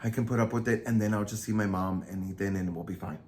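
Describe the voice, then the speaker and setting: A man's voice: on the low side, fairly even intonation, quick pace, a little mellow, a little hiss or hum. A man casually retelling a true crime story, acting out the quoted lines with lots of energy.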